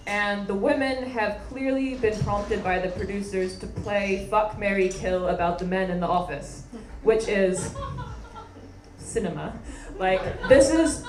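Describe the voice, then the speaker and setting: A young woman performing a stand-up comedy set, telling stories in a sardonic, animated way and mocking people with quick impressions. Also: medium pitch. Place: comedy stage with live audience. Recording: echoey room with background noise.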